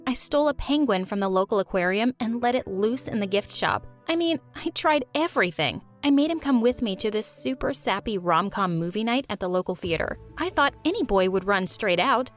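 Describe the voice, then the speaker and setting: Animated young woman telling a storytime tale. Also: fairly high pitch. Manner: animated, with sarcastic asides. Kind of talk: first-person storytime narration. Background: faint music.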